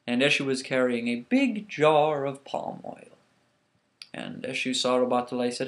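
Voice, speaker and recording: A man casually telling a myth to the camera, animated, with frequent restarts. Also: mid-range voice, normal speed. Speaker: vlogger. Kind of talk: casual storytelling.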